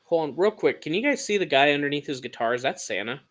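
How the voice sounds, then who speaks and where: A man's voice: on the high side, animated, quick pace, fairly bright tone. A man co-hosting a podcast in casual chat, telling stories animatedly and acting out quotes. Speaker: podcast co-host.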